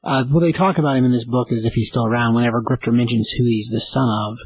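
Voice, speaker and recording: A man's voice: mid-range voice, fairly even intonation, fast, slightly rough, no room sound, low-quality recording. A man co-hosting a casual podcast who chimes in with short agreements and asides. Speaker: podcast co-host. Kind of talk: casual chat.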